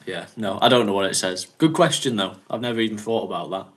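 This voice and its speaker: A man's voice: fairly low pitch, fast, fairly bright tone. A man from North West England, hosting a casual livestream chat and rambling, chatting and laughing often. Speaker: fragrance channel host.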